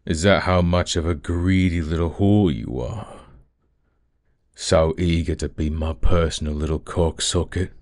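A man's voice: extremely low pitch, a little mellow, no echo. A young adult man performing an adult audio role-play, speaking close to the mic in a teasing, commanding murmur.

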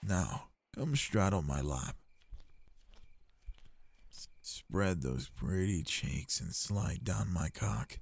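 A man's voice: deep voice, gravelly, slightly rough. A man performing an adult audio role-play in a dominant, commanding and coaxing manner, with groans and heavy breathing between his phrases, recorded close to the mic.

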